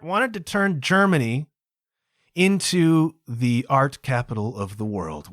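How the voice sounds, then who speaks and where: This is a casual solo monologue from a Canadian podcast host with a medium-pitched, fairly bright voice. He rambles chattily and punctuates points with "okay?" and "kids." The sound is studio quality, without room sound.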